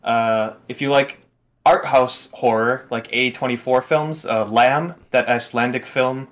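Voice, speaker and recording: A man's voice: mid-range voice, steady tone, unhurried, a bit bright. Hesitant male co-host on a remote call. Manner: hesitant, many uhs. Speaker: podcast co-host. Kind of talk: casual chat. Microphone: earbuds, remote call.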